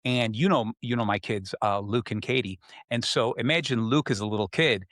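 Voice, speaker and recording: A middle-aged man talks through his stories as a podcast host, his voice sitting at an ordinary, even pitch. He lifts into other voices when he quotes people. The sound is close and dry. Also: a little fast, hardly any pauses, no echo. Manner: animated storyteller, acts out quotes. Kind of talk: casual conversation.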